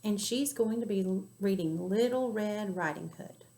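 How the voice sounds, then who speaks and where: A woman's voice: mid-range voice, moderate pace, vocal fry, warm tone, slight background noise. A woman teacher, chatting casually with her class. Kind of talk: casual classroom video talk.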